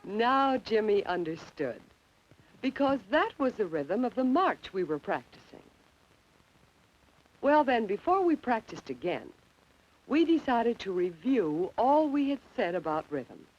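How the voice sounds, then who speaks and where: A woman in scripted narration for children, gentle and coaxing, asking the listener questions over a 1950s film soundtrack. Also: a little high, very animated, a little slow, muffled recording.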